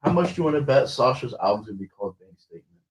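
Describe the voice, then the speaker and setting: A man's voice: medium pitch, lively intonation, rapid-fire, background noise. A man chatting casually, chiming in with questions and joking side comments. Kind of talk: casual chat. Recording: voice a bit distant from the mic.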